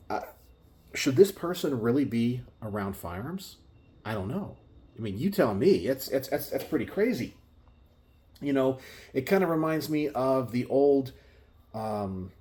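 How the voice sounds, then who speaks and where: A man's voice: mid-range voice, warm tone. A man hosting a gun channel, talking casually to camera from his home garage in an exasperated, ranting manner. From Texas.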